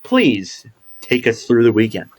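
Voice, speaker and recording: Guy hosting a podcast, casual and rambly, mid-pitch voice. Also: huge pitch swings, unhurried, dry recording, studio quality. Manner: rambling, thinking aloud. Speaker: podcast host. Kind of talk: casual chat.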